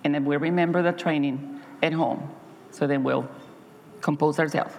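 Woman, low voice, gravelly, earnest church testimony, long hall reverb. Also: fairly even intonation, moderate pace, a little mellow, slight background noise. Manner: earnest, heartfelt storytelling with repeated restarts. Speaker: Sabbath school teacher giving a church talk. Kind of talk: personal testimony to a congregation.

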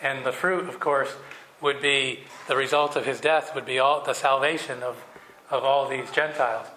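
A man's voice: mid-range voice, fairly even intonation, normal speed, sharp tone. A man leading a Bible study, reading scripture aloud and then explaining it casually with fillers. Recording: echoey room with faint noise.

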